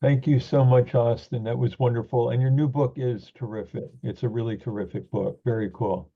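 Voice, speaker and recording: A man hosting a poetry reading over a video call, introducing the next poet with quick praise. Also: medium pitch, fairly even intonation. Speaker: host. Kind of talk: introducing readers. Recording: husky, tinny phone-like call audio.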